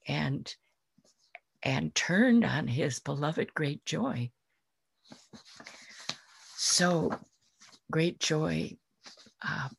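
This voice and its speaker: Casting: a woman Zen teacher narrating a parable, slow and gentle, husky, dry close sound. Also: low voice, no room sound. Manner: gentle, unhurried storytelling. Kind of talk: dharma talk storytelling.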